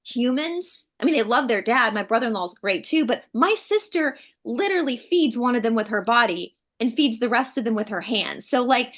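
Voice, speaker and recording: A woman from the States, co-hosting a casual chat and telling stories in an animated way, acting out what people said. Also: fairly high pitch, moderate pace, hardly any pauses. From Southern United States. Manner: animated storyteller, acts out quotes. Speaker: co-host. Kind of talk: casual conversation.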